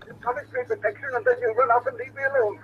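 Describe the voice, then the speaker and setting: An actor playing a frightened Egyptologist in a 1940s radio drama, pleading and panicky in manner, on an old, dull radio recording with faint hiss. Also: male voice, very high-pitched, big pitch swings, racing, vocal fry, heavily acted. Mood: indignant. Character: frightened older male Egyptologist.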